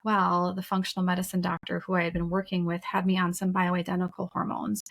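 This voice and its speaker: A woman's voice: on the low side, monotone, brisk, a bit bright. Frank, emphatic woman podcast co-host. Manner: frank, emphatic, casual swearing. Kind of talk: candid conversational storytelling.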